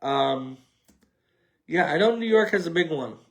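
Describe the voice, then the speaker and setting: Nasal, mumbling sports podcast host. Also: male voice, a little high, lively intonation, unhurried, fairly bright tone. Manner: rambling, loose and jokey, with many fillers. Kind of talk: solo sports talk show wrap-up. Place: home setup on a tripod.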